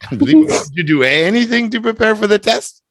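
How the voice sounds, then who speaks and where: A man's voice: high voice, very animated, normal speed, no room sound. A man teaching English over a video call, teasing his student in a chatty, playful way before running a speaking test.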